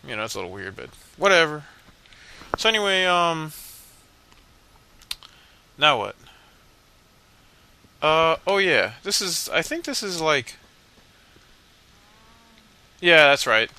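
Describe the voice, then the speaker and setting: A man narrates his own game playthrough in a loose, rambling way, full of fillers and irreverent asides. His voice is bright and has some edge to it. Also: fairly high pitch, big pitch swings, slow, long pauses, smooth, dry recording. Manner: rambling, mumbling, lots of fillers; joking, irreverent. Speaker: video game commentator. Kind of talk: casual let's play commentary.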